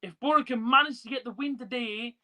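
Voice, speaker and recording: A man hosting a casual football watch-along stream, talking into his phone and reading out viewers' comments. His voice sits high and sounds bright and forceful, and his talk is loose and chatty, full of fillers. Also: a little fast, low-quality recording. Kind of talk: casual live stream chat.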